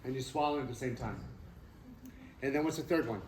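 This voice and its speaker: A man's voice: mid-range voice, brisk. A man leading a stress-relief exercise for a live audience, coaching them and asking questions. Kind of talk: live workshop talk to an audience. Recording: roomy hall, voice from off-mic with faint noise.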